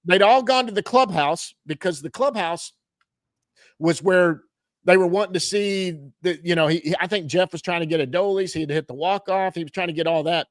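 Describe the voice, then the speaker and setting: A sports reporter guest with a high-pitched voice tells stories in an animated way, often chuckling as he goes. His voice is dry and close, with no room sound around it. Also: brisk, no room sound. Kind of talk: casual storytelling chat.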